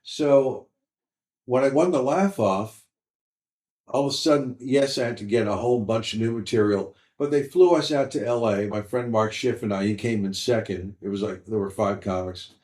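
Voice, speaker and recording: A stand-up comedian in his sixties, telling animated stories from his career in an interview. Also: on the low side, moderate pace. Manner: animated anecdotes, mimics voices in quotes. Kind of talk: storytelling interview. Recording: roomy echo.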